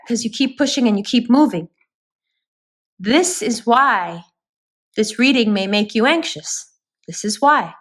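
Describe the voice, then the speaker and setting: A woman's voice: a little high, a bit bright. A woman giving a spoken tarot reading, talking straight to her viewers in an earnest, reassuring way. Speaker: tarot reader.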